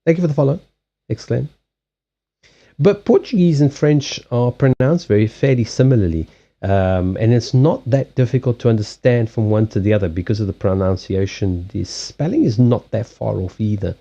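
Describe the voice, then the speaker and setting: A man's voice: mid-range voice, warm tone, highs cut off. A man from Africa hosting a casual live stream, chatting with viewers and often restarting sentences. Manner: chatty, halting restarts, answers viewer chat. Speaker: live-stream host and card reader. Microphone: streaming setup.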